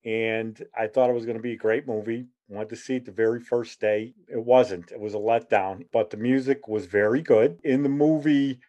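A man's voice: medium pitch, dark tone. A man in his forties hosting a casual solo podcast, chatty and folksy as he tells stories. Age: 40s. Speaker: podcast host.

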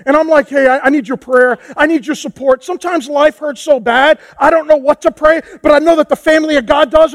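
A man preaching a passionate sermon as pastor, moving from hushed tones to shouts. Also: extremely high pitch, no echo. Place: church hall with a congregation.

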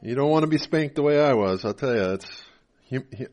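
A man preaching a sermon as a pastor, swinging between loud emphatic lines and quiet confessional asides, acting out the people he quotes. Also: medium pitch, animated, brisk. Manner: acts out voices of people he quotes.

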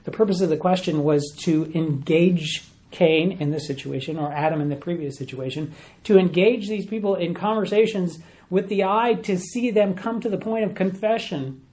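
A man's voice: high voice, moderate pace, darkish tone. A man preaching, teaching through a Bible passage verse by verse, asking questions and repeating key words for emphasis. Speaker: pastor.

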